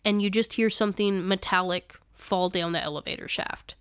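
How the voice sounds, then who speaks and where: A woman's voice: mid-range voice, moderate pace, fairly bright tone, clean tone, no room sound, studio quality. A young woman co-hosting a paranormal podcast, telling a ghost-hunting story in a rambling, self-correcting way and laughing often. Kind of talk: casual storytelling chat.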